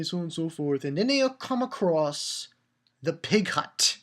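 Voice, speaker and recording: A man giving a casual, rambling review of a manga chapter. He chuckles often and jumps into higher voices for the characters he quotes. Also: sing-song, normal speed, a bit bright.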